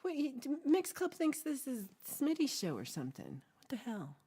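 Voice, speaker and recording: A woman's voice: high-pitched, huge pitch swings, normal speed, mellow, husky. A woman co-hosting a livestream, chatting casually and reading out comments in a rambling, giggly way with playful asides. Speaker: livestream co-host.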